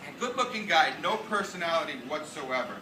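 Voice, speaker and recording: A brash, self-mocking middle-aged comedian with a New England accent tells stories, his voice sitting a little high. He is picked up from far off by a camera in a roomy ship lounge, with a steady wash of noise over the sound. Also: a little fast. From United States. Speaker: stand-up comedian. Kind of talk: stand-up storytelling. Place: ship lounge at a meet-and-greet. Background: audience laughter.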